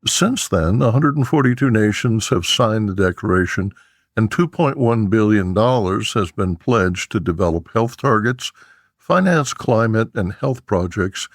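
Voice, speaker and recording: A man hosting a trade news podcast, reading scripted headlines in a measured, steady newsreader delivery. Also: lowish voice, dry recording, clean studio sound.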